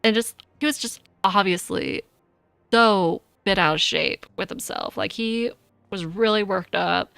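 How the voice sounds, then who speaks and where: A woman streaming a video game, chatting casually and excitably with lots of 'like'. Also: mid-range voice, measured pace, vocal fry, clean tone, dry recording. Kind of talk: casual gameplay commentary.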